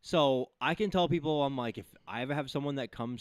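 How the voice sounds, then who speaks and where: A man's voice: mid-range voice, brisk, dry recording. A man with a New England accent, co-hosting a casual podcast and telling wry stories. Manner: lively, wry storytelling. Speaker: podcast co-host. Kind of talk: casual chat.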